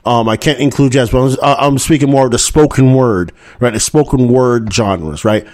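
A man's voice: mid-range voice, normal speed, darkish tone. A middle-aged man co-hosting a casual talk show, rambling with many restarts and mock voices. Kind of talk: casual chat.

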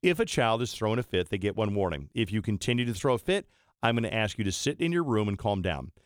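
A man's voice: on the low side, sing-song, quick pace, no echo, clean studio sound. A middle-aged man, hosting a radio talk show and telling stories in a blunt, opinionated way.

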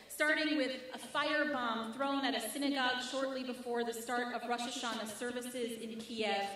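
A woman rabbi's high, bright voice rings out in a rhythmic, wryly humorous sermon. She's picked up from a distance in a large, very echoey synagogue sanctuary, with slight background noise.

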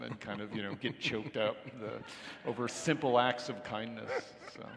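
A man's voice: mid-range voice, steady tone, moderate pace. A middle-aged man, an author, talking in a rambling, self-deprecating way at a live onstage interview, acting out quoted remarks. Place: hall with an audience. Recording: reverberant hall recording.

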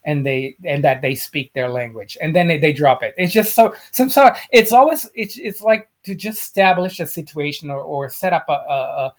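A man co-hosting a casual chat, passionate, with frequent restarts and halting phrases. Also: on the high side, animated. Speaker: podcast co-host.

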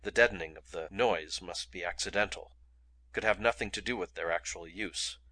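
A man reading an adventure novel aloud in steady, dramatic narration. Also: low-pitched, normal speed. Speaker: audiobook reader. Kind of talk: audiobook narration.

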